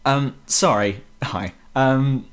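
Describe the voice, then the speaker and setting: A man's voice: medium pitch, takes it slowly, clean tone, natural voice. A man voicing a fed-up wisecracking soldier. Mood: awkward. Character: wisecracking young American soldier, polite but fed up.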